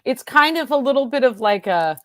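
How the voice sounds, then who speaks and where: A woman's voice: sits high, expressive, fairly quick, dry recording, studio quality. A woman, an author guest, talking reflectively in casual conversation.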